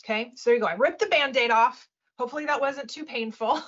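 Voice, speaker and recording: A woman talks in a high voice with a touch of huskiness and coaches webinar listeners in a casual, lively way. She acts out little voices and keeps asking "right?". The audio is dull and lo-fi. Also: quick pace, breathy edge. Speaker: webinar guest speaker.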